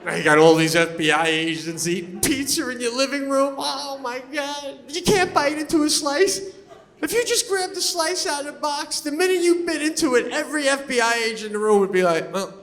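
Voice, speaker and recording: A man doing a stand-up comedy set on stage, animated and loud when he acts out quotes. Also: extremely high pitch, a little fast. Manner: animated, swings into loud put-on voices for quotes. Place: on stage before a laughing audience.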